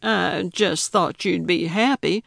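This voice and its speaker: A woman's voice: fairly low pitch, slow, creaky, fairly bright tone, no echo, studio quality, full character voice. A woman reading an audiobook, voicing a feisty, indignant elderly woman who fancies herself a detective. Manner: indignant, emphatic.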